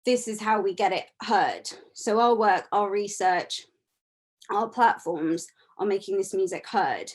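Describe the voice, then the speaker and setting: A woman's voice: medium pitch, measured pace. A woman speaking on an online panel about her work as a repertoire consultant, earnest and a little rambling, heard over a video call.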